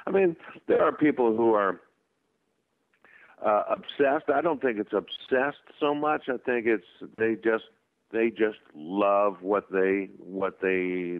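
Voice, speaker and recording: A man being interviewed as a guest actor, telling anecdotes in a casual, animated way. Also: low voice, no room sound. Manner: animated anecdotes with voiced quotes and laughs. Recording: tinny phone line.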